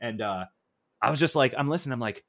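Male podcast co-host, lively swinging pitch, dry close sound, laughs a lot and acts out what fans yell. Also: fast, dry recording. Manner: animated, laughs often, mimics fans mid-story. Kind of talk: casual wrestling podcast chat.

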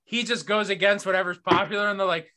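A man hosting a casual podcast, telling stories with lots of profanity and animated retellings. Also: sits high, quick pace. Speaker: podcast host. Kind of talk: casual sports podcast chat.

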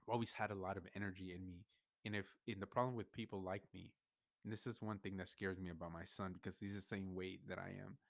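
A man's voice: sits low, steady tone, quick pace, gravelly, dry recording, studio quality. A young man hosting a podcast, venting in an emotional, rambling monologue full of swearing and restarts. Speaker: podcast host.

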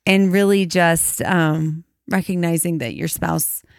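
A woman in her thirties with a slightly low voice talks through ideas in a measured, thoughtful way, slowing to lay out examples. The sound is dry and close, with no room around it. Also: steady tone, no echo. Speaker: podcast co-host. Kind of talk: casual conversation about marriage and faith.

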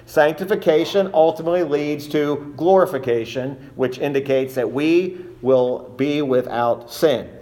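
A man preaching an expository sermon in a measured, emphatic way, slowing down to stress key phrases. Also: on the high side.

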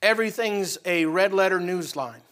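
Male pastor, high and bright-toned, conversational sermon delivery, animated with sudden loud and soft swings. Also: moderate pace. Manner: animated, swings between loud outbursts and quiet asides; conversational preaching, addresses the congregation directly.

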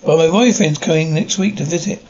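A woman's voice: deep voice, a little fast, a little mellow, natural voice. Earnest young American woman, as an actress plays her. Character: young American woman newly working abroad. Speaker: marketing employee. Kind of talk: TV drama dialogue. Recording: roomy, dull TV audio with faint ambience.

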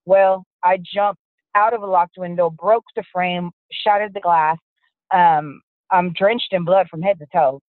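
A woman, a guest telling her own story in an interview, frank and steady, with many fillers. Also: on the low side, unhurried, no room sound. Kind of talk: personal testimony interview. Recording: dry, tinny phone-line sound.

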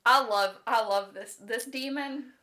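On a podcast, a woman co-host chats loosely about book plots in a slightly high voice. She's animated and a little slow, says "like" constantly, and swears without a second thought.

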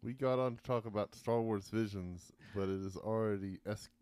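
Low-voiced, teasing male co-host. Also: darkish tone, clean tone, no room sound. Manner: playful, teasing, quick jokey remarks. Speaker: podcast co-host. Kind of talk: casual chat.

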